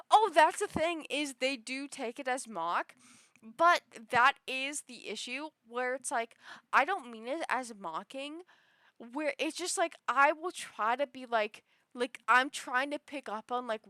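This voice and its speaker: High bright-voiced woman rambling slowly. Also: no room sound, clean studio sound. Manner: rambling, filler-heavy, shifts her pitch often. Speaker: streamer. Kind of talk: casual chat.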